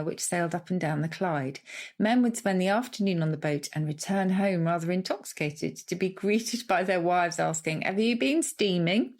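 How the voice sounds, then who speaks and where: A woman's voice: lowish voice, darkish tone. A woman co-hosting a podcast, reading listener letters and explaining word origins with enthusiasm. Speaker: podcast co-host, word expert. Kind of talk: casual chat.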